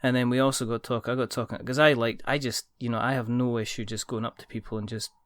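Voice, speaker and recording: A man's voice: mid-range voice, little pitch movement, quick pace, no room sound. Chatty man, dry close sound. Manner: chatty, storytelling, laughs at own impressions. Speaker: podcast host. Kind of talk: casual chat.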